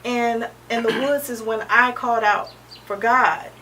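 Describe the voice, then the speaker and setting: A woman in her thirties, an interview guest sharing a personal testimony in a halting, earnest way, often pausing with "um" and restarting. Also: on the high side, steady tone, bright, forceful tone. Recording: distant mic with faint background noise.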